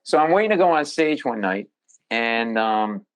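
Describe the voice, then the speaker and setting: A male comedian spins a story for a podcast host, animated and full of comic timing. His voice sits at a middle pitch. He talks conversationally and with punch. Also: normal speed, clear, resonant tone, poor audio. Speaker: comedian guest.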